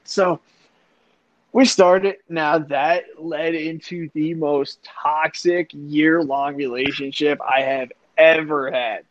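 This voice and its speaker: A man's voice: on the high side, fairly even intonation, slow pace, no room sound. A young man hosting a podcast, telling a long personal story in a rambling, profane way, full of "like" and other fillers. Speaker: podcast host. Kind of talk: casual storytelling chat. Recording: dull lo-fi sound, dry.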